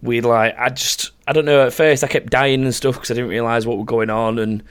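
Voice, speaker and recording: A young man hosts a loose, chatty podcast. He tells rambling stories, laughs often and swears freely. His voice sits at an ordinary middle pitch. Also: level tone, fairly quick, a bit bright, clean tone. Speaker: podcast host. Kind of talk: casual chat.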